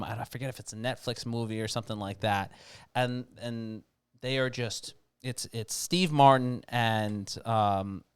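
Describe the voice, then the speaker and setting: A man's voice: medium pitch, clear, resonant tone, no echo. Rambling male sports podcast co-host. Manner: rambling, self-correcting, amused. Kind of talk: casual sports talk.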